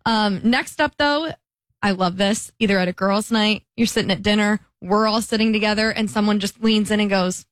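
A woman's voice: mid-range voice, normal speed, no room sound. A young woman co-hosting a podcast, telling stories in casual chat and acting out the people she quotes. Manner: chatty, animated storytelling with quoted voices. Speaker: podcast co-host.

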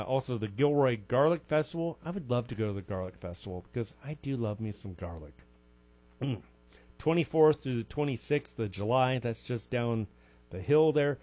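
A man's voice: mid-range voice, a little mellow. A man hosting a local call-in radio show, chatting casually and reading out event listings with wry asides.

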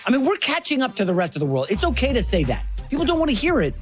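Man, sports co-host, conversational, lively intonation, faint music underneath. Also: extremely high pitch, racing. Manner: chatty, conversational.

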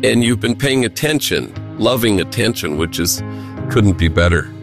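A man's voice: fairly low pitch, moderate pace, over music. An older man, a priest, telling stories in an interview and acting out the quotes as he goes. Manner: animated, acts out quotes, laughs. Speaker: Jesuit priest, guest. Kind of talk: conversational interview storytelling.

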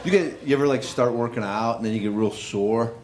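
A man doing self-deprecating stand-up and chatting with the audience, over loud crowd laughter. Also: mid-range voice, fairly quick, very noisy. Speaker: stand-up comedian. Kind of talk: stand-up routine.

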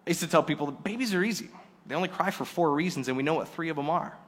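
A man delivers a sermon with a slightly high voice. He acts out quoted little scenes, rising loud and bright for emphasis, then dropping almost to a hush. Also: racing. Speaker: pastor.

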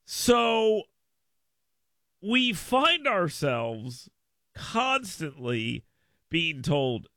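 A man hosting a radio talk show, telling a rambling, animated story with frequent asides from a studio microphone. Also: high voice, normal speed, no room sound. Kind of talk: casual radio monologue.

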